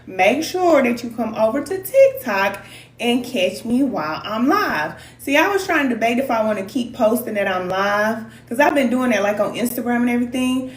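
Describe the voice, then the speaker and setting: A woman's voice: medium pitch, distant mic. Kansas City woman, spiritual reader on a live stream, playful and chatty, roomy echo, a bit off-mic with faint room hum. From Kansas City, USA. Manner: chatty, playful, laughs often, greets viewers as cousins. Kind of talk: casual livestream chat. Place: indoor room, moving around the camera.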